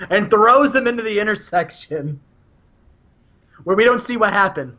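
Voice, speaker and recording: A man's voice: high-pitched, normal speed, pushed and bright, dull audio. A man co-hosting a podcast, telling stories animatedly and laughing often. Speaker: podcast co-host. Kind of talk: casual storytelling chat.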